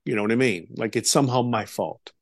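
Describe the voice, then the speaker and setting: Middle-aged male guest, gravelly storyteller, animated, with plenty of "you know"s. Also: mid-range voice, fast, no room sound, clean studio sound. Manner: animated, acts out quoted voices, many fillers. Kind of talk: interview storytelling.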